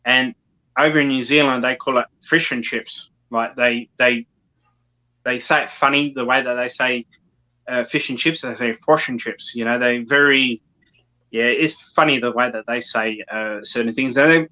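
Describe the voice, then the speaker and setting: A man's voice: mid-range voice, bright, forceful tone, rough recording. A man from South Australia with an Australian accent, chatting casually as an interview guest on a video call, with many ums and restarts. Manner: halting, many ums and repeated words.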